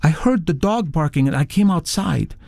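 A man's voice: fairly high pitch, expressive, moderate pace, creaky, warm tone, no room sound, studio quality, voice pushed up. A man reading the quoted words of a hotel receptionist with urgent, raised delivery. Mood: shaken. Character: hotel receptionist, shaken, recalling gunman.

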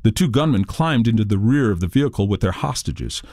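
Measured male nonfiction narrator, lively pitch. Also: no room sound, clean studio sound. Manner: measured, journalistic. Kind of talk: scripted nonfiction audiobook narration.

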